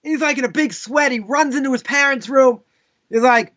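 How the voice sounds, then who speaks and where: Chatty rabbi telling a story in class. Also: male voice, very high voice, a little slow, long pauses, highs cut off. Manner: casual, animated, with frequent asides. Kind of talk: live lesson with storytelling.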